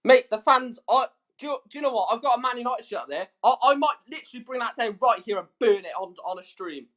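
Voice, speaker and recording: A man's voice: very high voice, lively intonation, fast talker, a bit bright. A man ranting on his livestream, furious and swearing, repeating himself for emphasis. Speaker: YouTube streamer. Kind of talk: angry livestream rant.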